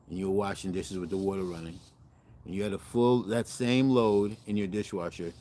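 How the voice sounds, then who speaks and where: A man's voice: fairly low pitch, mellow. A middle-aged man hosting a cooking channel, chatting casually to viewers in a rambling, self-correcting way and animating his stories.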